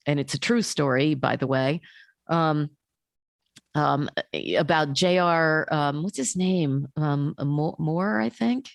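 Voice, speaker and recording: A woman co-hosting a podcast, telling stories in a casual, animated way with many fillers. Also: low-pitched, dry recording, studio quality. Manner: animated, lots of fillers and restarts. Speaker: podcast co-host. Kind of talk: casual chat, storytelling.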